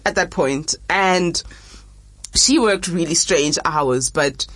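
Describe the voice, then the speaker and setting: A woman, calmly recounting her own relationship in a casual chat. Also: lowish voice, slow pace, no echo. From South Africa. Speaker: podcast co-host.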